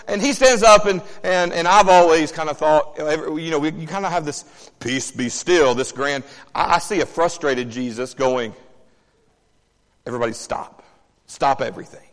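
A male pastor preaching a sermon, animated, asking the congregation questions and swinging between loud, quick passages and low, quiet ones. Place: church sanctuary. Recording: long hall reverb.

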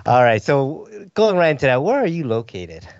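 A man's voice: medium pitch, sing-song, moderate pace, darkish tone, no echo, dull audio. A man hosting a podcast in casual chat, talking in a rambling way full of fillers. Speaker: podcast host.

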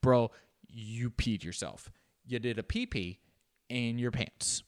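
Man reacting to a video, lively swooping pitch, joking, casual commentary. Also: slow. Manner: animated, joking, jumps into exaggerated high-pitched voices.

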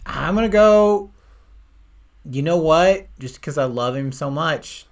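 A man co-hosting a casual podcast chat, excitable and laughing often. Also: fairly high pitch, slow. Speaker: podcast co-host.

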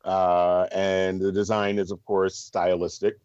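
A middle-aged man with a lowish voice tells stories as an interview guest, animated and quick to laugh. The recording is a little dull and very dry, like a close podcast mic. He talks casually, as if chatting with friends. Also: smooth, no room sound. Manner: animated storyteller, laughs often. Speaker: guest, stage performer.

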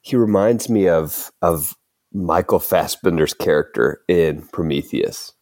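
Deep, dry-voiced podcast host. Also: male voice, measured pace, a little mellow, no echo. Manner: laid-back, filler-heavy, chuckling. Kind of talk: casual podcast chat.

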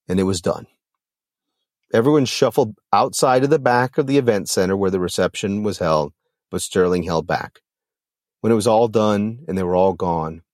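A man hosting a podcast and narrating a story in an expressive, dramatic manner. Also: fairly low pitch, dry recording, clean studio sound. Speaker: podcast host.

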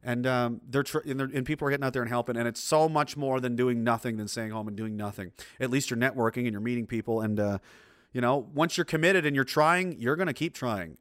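A man's voice: medium pitch, a bit bright, dry recording, studio quality. A man hosting a casual livestream, talking in a rambling way with many restarts. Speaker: livestream host.

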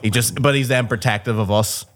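Man, mid pitch, plain easygoing talker, casual chat. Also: steady tone, a little fast.

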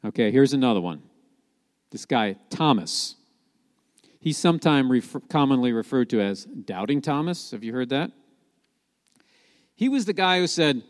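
A man's voice: medium pitch, normal speed, pauses often. Man preaching in a reverberant hall. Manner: lively storytelling with rhetorical questions. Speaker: Messianic preacher. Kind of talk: sermon.

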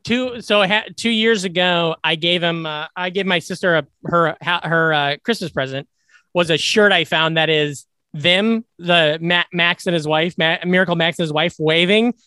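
Animated young man with a bright voice. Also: on the high side, normal speed, smooth, dry recording. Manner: animated, acts out movie quotes in funny voices. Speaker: podcast co-host. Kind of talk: casual movie chat.

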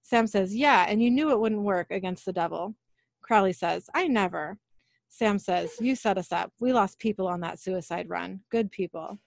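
A woman co-hosting a podcast, casually retelling an episode scene by scene and reading the dialogue aloud in a plain, even way. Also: mid-range voice, moderate pace, gravelly, no echo, studio quality. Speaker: podcast co-host recapping an episode.

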